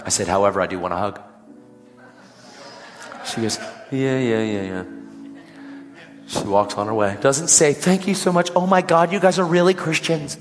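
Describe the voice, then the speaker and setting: A man preaching a sermon, telling a story with lively swings between loud and hushed. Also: mid-range voice, normal speed, long pauses, big-room sound, faint music behind.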